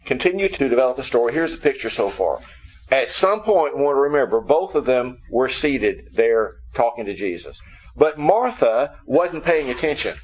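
Man preaching a lively, humorous sermon. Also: mid-range voice, normal speed, husky, poor audio. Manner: humorous storytelling, explaining scripture.

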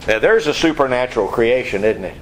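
A man's voice: mid-range voice, animated, brisk, a little hiss or hum, low-quality recording. A man preaching a sermon in an emphatic, conversational way, often asking rhetorical questions and tossing in casual asides.

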